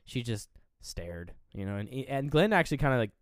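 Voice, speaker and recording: A man chatting casually on a movie podcast, walking through a film scene by scene with lots of "like" and "you know." His voice is smooth and resonant at a middle pitch, and the sound is dry and close, with no room around it. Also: big pitch swings, brisk, no echo. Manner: retells scenes, acting out lines in quoted voices; loose, rambling, frequent fillers and swearing. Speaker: podcast co-host. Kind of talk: casual movie review chat.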